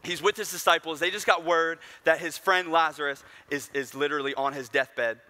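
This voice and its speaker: A man's voice: a little high, steady tone, moderate pace, bright, forceful tone. A young man preaching a sermon in a casual, storytelling way with conversational asides. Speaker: pastor.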